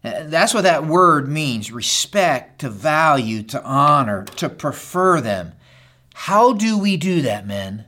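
A middle-aged pastor preaching a sermon, talking straight to the men in the congregation and swinging between loud urging and hushed asides. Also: male voice, fairly high pitch, very animated, slow. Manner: talks straight to the men in the crowd.

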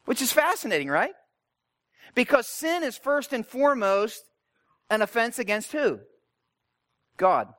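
A male pastor delivers a sermon in a relaxed, conversational way, asking rhetorical questions and tagging his points with "right?". His voice sits notably high for a man. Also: a little slow, long pauses.

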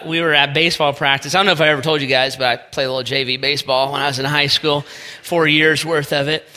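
A man's voice: fairly high pitch, sharp tone. A man in his forties, a pastor giving a folksy, self-deprecating sermon with a personal story in a church sanctuary. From Northeast Ohio. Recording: long hall reverb.

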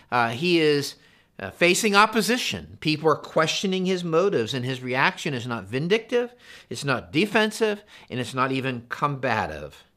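A middle-aged man, a pastor, preaching a conversational, animated sermon. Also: mid-range voice.

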